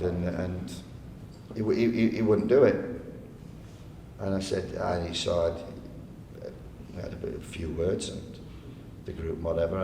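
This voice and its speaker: A man telling chatty anecdotes to a live audience, often laughing and acting out the people he quotes. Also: creaky. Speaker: guest speaker. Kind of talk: live on-stage storytelling. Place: arts venue hall, live audience. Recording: echoey hall with faint rumble.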